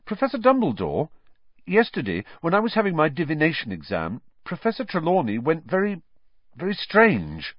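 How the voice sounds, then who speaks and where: A man's voice: wildly swooping pitch, normal speed, no echo. A man voicing an earnest, anxious teenage boy wizard who talks in urgent, pleading bursts. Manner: urgent, pleading, rising pitch. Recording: slightly dull lo-fi audio.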